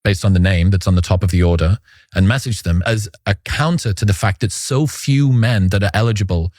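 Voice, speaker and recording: A man hosting a reaction show, giving measured commentary on clips. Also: lowish voice, a little mellow, dry recording, studio quality.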